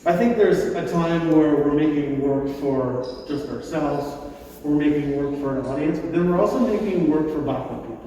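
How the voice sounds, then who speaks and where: A man's voice: fairly high pitch, moderate pace, mellow. A man on an artist panel responding thoughtfully, building his points as a list. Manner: thoughtful, builds ideas in lists. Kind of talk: reflective panel discussion. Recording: echoey hall, distant mic.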